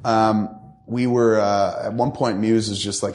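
A man's voice: fairly low pitch, little pitch movement, normal speed, darkish tone. A man casually telling a long, profane, rambling anecdote into a mic, acting out the other people in it. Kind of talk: casual storytelling chat. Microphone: studio mic.

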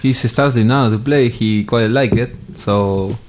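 A man from Argentina, a Spanish speaker, chatting as a guest in halting English with grammar. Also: medium pitch, darkish tone, a little hiss or hum. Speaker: guest footballer. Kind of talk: casual interview chat.

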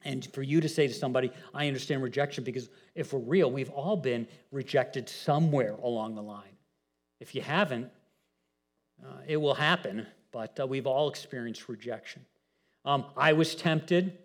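A middle-aged male pastor giving a conversational sermon, often repeating words and rising in pitch when he makes a point. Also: normal speed.

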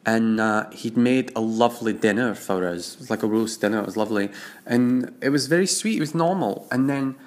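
A man's voice: mid-range voice, fairly quick. A man telling a first-person story in a wry, confiding way. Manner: wry, confiding, acts out other voices in quotes.

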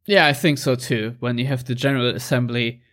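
A man with a German accent hosting a casual football podcast, chatty and relaxed. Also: medium pitch, brisk. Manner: relaxed, chatty, laughs easily. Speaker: podcast host.

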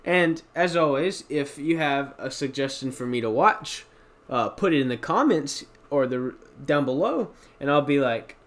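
A man's voice: mid-range voice, lively intonation, measured pace. A man hosting a casual solo review podcast, talking in a rambling, self-correcting, chatty way. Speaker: podcast host.

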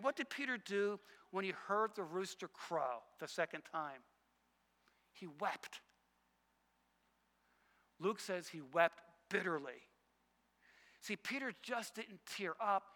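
A male pastor preaches a sermon in a high voice, emphatic and repetitive, moving back and forth between loud stretches and quiet ones. He is speaking in a large hall.

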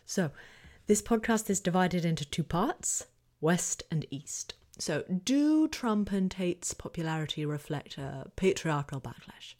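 Woman, podcast host, slightly low voice, measured analytical reading, phrase ends fading to near-whisper. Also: lively intonation, a little mellow. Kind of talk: reading a prepared essay.

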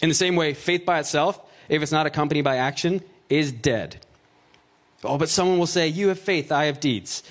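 A man's voice: a little high, moderate pace. Casual, joking preacher man. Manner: casual, joking asides, fillers of "like" and "right?". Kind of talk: conversational sermon with scripture reading.

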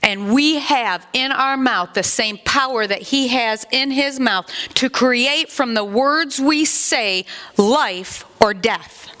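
An older woman pastor preaching a sermon in a chatty, animated way, with asides to the congregation. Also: a little high, slow.

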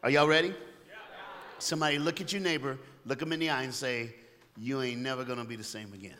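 A man preaching an energetic sermon, calling out to the crowd and getting them to repeat lines back. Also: mid-range voice, fast talker, slight background noise. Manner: loud, exhorting, call-and-response. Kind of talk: energetic call-and-response sermon. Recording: long hall reverb, faint ambience.

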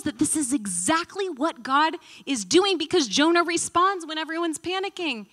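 Animated woman teaching the Bible. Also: sits high, moderate pace, few pauses. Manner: animated storyteller, acting out quotes; conversational, thinking aloud.

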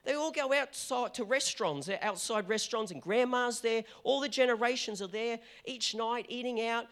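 An Australian man, a middle-aged pastor, preaching a passionate, animated sermon with frequent restarts. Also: very high voice, normal speed.

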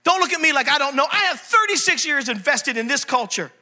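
A man in his fifties preaching a lively sermon, shouting at times and acting out voices in the stories he tells. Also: extremely high pitch, a little fast, some chatter behind, a little hiss or hum. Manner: animated, shouting, acts out voices.

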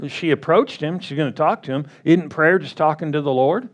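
A man preaching a sermon as pastor, drawing out words and acting out quick playful quotes. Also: on the high side. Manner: slow, drawn-out delivery with playful acted-out quotes.

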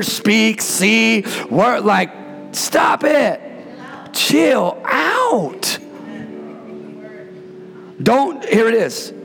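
A man preaching an energetic sermon as pastor, playful and call-and-response, bursting into shouts. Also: high voice, gravelly. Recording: reverberant hall.

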